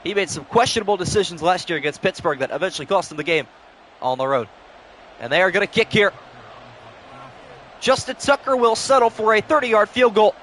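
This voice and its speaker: High-voiced young male stream commentator. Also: fairly bright tone, a little hiss or hum. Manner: switches between announcer calls and casual replies to chat. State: short on sleep. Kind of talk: live-stream play-by-play commentary.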